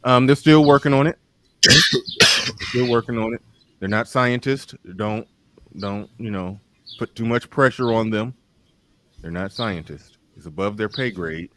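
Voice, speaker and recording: A man's voice: fairly low pitch, unhurried, pauses often, a bit bright, slight background noise. Loose, laughing male podcast host. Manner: loose, profane, laughs often, many restarts. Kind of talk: casual political chat.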